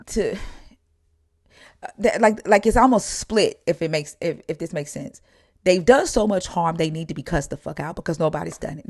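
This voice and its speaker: A woman's voice: lowish voice, a little mellow, no room sound, clean studio sound. A woman telling stories in a blunt, profane, heated way, in candid conversation.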